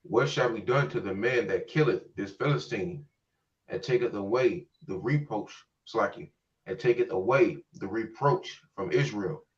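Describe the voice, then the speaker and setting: A man reading scripture aloud in a steady, measured way. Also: fairly low pitch. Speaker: scripture reader. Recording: dull, distant mic.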